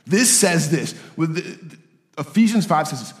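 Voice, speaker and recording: Man pastor, lively pitch, preaching in a roomy hall, slightly high voice. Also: a little slow. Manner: animated, acts out quoted voices, repeats phrases. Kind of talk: sermon.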